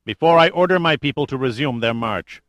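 A man's voice: mid-range voice, animated, brisk, fairly bright tone, no echo, voice pushed up, close to an everyday voice. A man playing a menacing, grandiose cult leader. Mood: haughty. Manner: cold, commanding, contemptuous.

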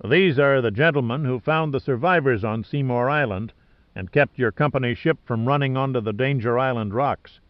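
A man voicing an easygoing male ship captain who talks in a calm, low-key way. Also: moderate pace, dry recording, lightly acted. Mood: easy. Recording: dull lo-fi dry recording.

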